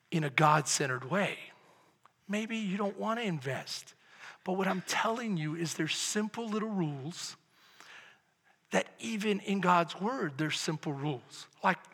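A man preaching a sermon as pastor, moving from quiet talk to loud, shouted preaching. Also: high voice, slightly rough. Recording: echoey hall with long reverb.

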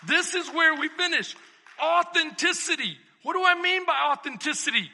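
A male pastor preaching a sermon, moving between shouted, emphatic passages and hushed, intimate reflection. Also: extremely high pitch, moderate pace, big-room sound.

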